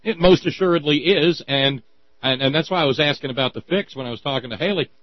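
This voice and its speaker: A man's voice: a little high, muffled recording. Sardonic man on talk radio. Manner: sardonic, colorful, quick-witted.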